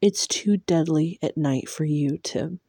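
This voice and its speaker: A woman reading the part of a weary, grieving male fae lord in a low, soft, drained voice. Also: measured pace, husky, no room sound, clean studio sound, exaggerated voice. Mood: weary grave.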